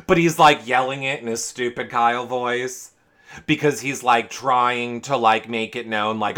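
A man's voice: medium pitch, moderate pace, pushed and bright. A young man casually recapping a reality show, chatty and full of fillers.

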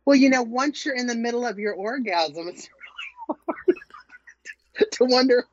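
A woman co-hosting a casual podcast, tossing out jokes and laughing easily. Her voice sits a touch high. The recording is dry and somewhat muffled. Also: animated, no room sound. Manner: joking, quick to laugh. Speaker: podcast co-host. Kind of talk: casual chat.

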